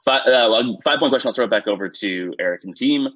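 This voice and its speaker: A man hosting a trivia quiz in a relaxed, self-deprecating way, with many "uh"s and "um"s, on a dull, dry, lo-fi recording. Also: medium pitch, fast, no room sound. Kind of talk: casual quiz-show hosting.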